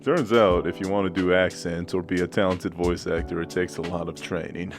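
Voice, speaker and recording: A man's voice: low-pitched, little pitch movement, brisk, over music. A young man co-hosting a casual podcast, joking around and laughing often. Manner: jokey, laughs often, tries silly voices. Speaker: podcast co-host.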